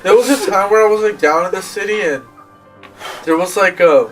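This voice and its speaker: A man's voice: high voice, brisk, distant mic, faint music behind. A young man co-hosting a podcast, telling rambling stories in casual chat and laughing often. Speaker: podcast co-host.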